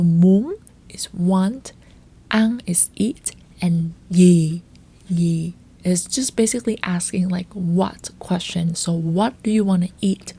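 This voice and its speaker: A woman teaching a language lesson, speaking carefully and repeating example words slowly to model their pronunciation. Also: on the low side, vocal fry, mellow, husky.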